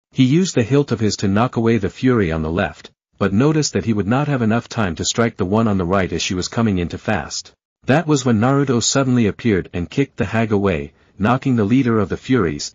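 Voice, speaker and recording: Male narrator, fan fiction audiobook, low pitch, dry close recording. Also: a little mellow, husky, no room sound, muffled recording.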